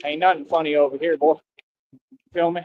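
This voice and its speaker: Slangy, confrontational male streamer, fairly high voice, rambling outdoors near traffic; lo-fi stream sound. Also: little pitch movement, brisk. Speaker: costumed livestreamer. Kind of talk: casual rambling livestream talk. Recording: dull lo-fi stream audio.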